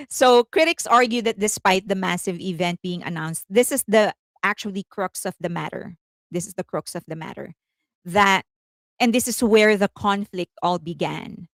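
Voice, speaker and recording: A chatty woman hosting casual commentary, with a voice of ordinary pitch for a woman. She giggles often and stops to correct herself mid-sentence. The sound is close and dry. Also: dry recording. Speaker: host.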